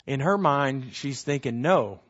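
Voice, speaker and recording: A man's voice: medium pitch, unhurried. Man teaching scripture in a lo-fi recording. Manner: animated, rhetorical questions, acts out quotes. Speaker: Bible teacher. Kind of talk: conversational Bible teaching.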